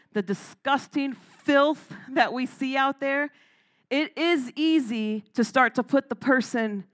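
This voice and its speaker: Her voice is on the high side and a bit bright as she delivers an emphatic sermon. Between points she laughs, calling out to the congregation with "Amen?" and "Come on."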